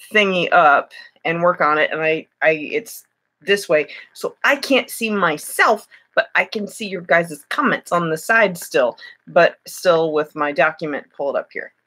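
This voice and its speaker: A woman's voice: low-pitched, fairly bright tone. A young woman chatting casually on a home live stream, self-deprecating, drifting in and out of a put-on British lilt. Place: home room at night.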